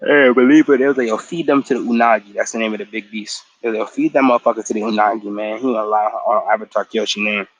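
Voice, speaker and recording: A man's voice: fairly low pitch, fairly even intonation, fast, few pauses, highs cut off. Tired man giving a slangy, profane recap. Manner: slangy, profane, acts out characters' lines mid-story. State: tired after a work shift. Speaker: show recap vlogger. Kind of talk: casual episode recap.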